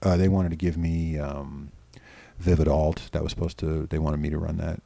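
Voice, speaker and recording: A very deep voice with vocal fry, mellow and level in tone, belongs to a middle-aged New York filmmaker rambling casually through stories at a moderate pace. As a guest in a storytelling interview on a close podcast mic, he restarts, repeats words, and swears freely, with no room sound.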